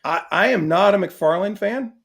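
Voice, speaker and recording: A man co-hosting a casual podcast chat, rambling and excitable, laughing often. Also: high voice, moderate pace, creaky. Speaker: podcast co-host.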